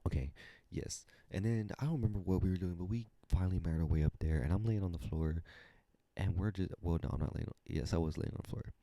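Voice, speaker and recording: A young man hosts a casual storytelling podcast in a deep, gravelly voice. His tone is dark and mellow, with a rough fry running through it. He talks in an animated, profane and dramatic way, dropping to a whisper now and then. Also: quick pace, no room sound. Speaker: podcast host.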